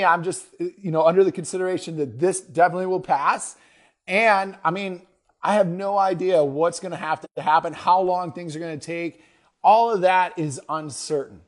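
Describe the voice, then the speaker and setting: A middle-aged man, a dentist hosting his own show, giving an energetic, emphatic motivational talk. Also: high-pitched. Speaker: dentist and podcast host.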